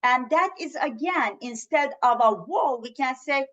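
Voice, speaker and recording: A woman presenting an interactive webinar on communication, teaching in a gentle, earnest way and asking the audience questions, heard over a video call mic. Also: high voice, expressive, measured pace, few pauses, highs cut off.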